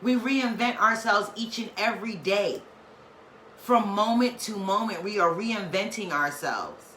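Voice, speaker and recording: A woman with a bright, forward voice gives a casual spiritual reading, preaching with emphatic slang and playful asides. She sounds like she is in an echoey room with faint noise behind her. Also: mid-range voice, a little slow. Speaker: spiritual tarot reader.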